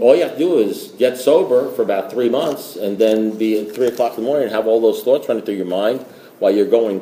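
A man's voice: fairly low pitch, warm tone, echoey room, a little hiss or hum. A man telling a rambling, joking story at a recovery meeting. He repeats himself as he goes.

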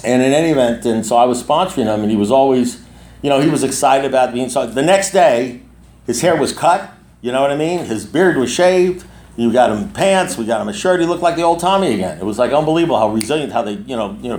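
A man's voice: medium pitch, expressive, fairly quick, a little mellow. Man in his 60s, recovery talk to a group, rambling storyteller, mid-range voice, echoey room. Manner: rambling storyteller, frequent restarts and asides. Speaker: speaker at a recovery meeting.

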